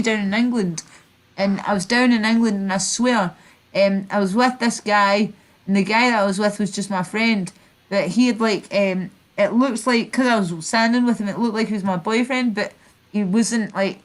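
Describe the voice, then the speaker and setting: A Scottish woman streamer telling rambling stories in casual chat, full of fillers and restarts. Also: medium pitch. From Scotland. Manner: rambling, filler-heavy storytelling.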